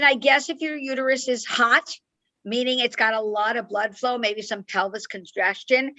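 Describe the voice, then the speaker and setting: A woman's voice: medium pitch, bright, forceful tone, no echo, rough recording. A woman herbalist giving an informative online talk and answering questions. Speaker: herbalist speaker. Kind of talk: online lecture and Q&A.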